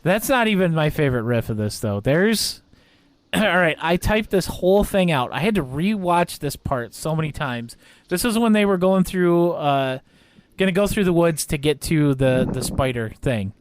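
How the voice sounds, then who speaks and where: A man's voice: a little high, expressive, normal speed, dry recording. A man co-hosting a podcast in casual chat, laughing often and acting out quoted lines. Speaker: podcast co-host.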